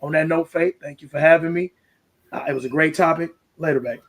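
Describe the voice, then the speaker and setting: A man's voice: fairly high pitch, fairly even intonation, a little fast, a bit bright. A man speaking as a panel guest, blunt and emphatic, cursing and repeating himself. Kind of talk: heated panel talk.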